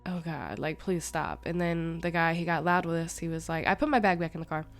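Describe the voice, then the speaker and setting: Young woman host, lowish voice, animated and slangy storytelling, swears a lot. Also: quick pace. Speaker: podcast host. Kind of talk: casual storytelling monologue.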